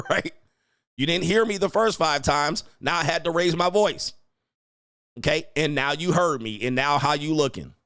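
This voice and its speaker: A man's voice: a little high, a little slow, fairly bright tone, no echo, clean studio sound. A man giving casual, profane reaction commentary on parenting clips, blunt and laughing often.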